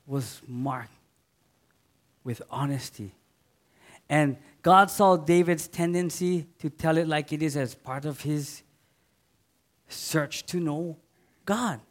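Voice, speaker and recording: A man preaching a sermon in an earnest way, rising to loud emphatic readings and dropping to soft asides. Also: fairly high pitch.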